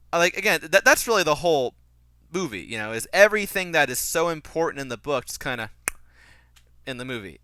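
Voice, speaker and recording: A young man giving a casual, critical film commentary, animated and restarting his sentences often. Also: mid-range voice, smooth, no echo. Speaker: podcast host reviewing a film.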